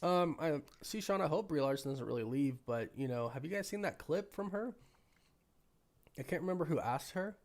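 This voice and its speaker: A man with a cold, hoarse and sniffly, hosting a casual live stream and chatting with viewers while thinking aloud. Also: on the high side, lively intonation, normal speed. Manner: rambling, thinking aloud with many restarts. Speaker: livestream host.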